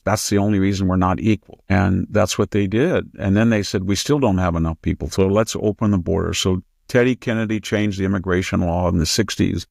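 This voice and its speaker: A man's voice: low voice, creaky, darkish tone, no room sound, studio quality. An American man in his seventies, a historian hosting a political talk show, speaking emphatically and mocking others with raised quoted voices. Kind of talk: political commentary conversation.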